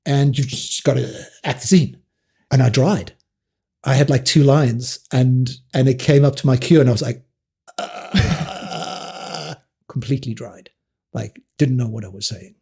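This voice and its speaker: A middle-aged South African man, a guest actor, telling animated stories in a casual interview, restarting often and laughing. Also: mid-range voice, moderate pace, slightly rough.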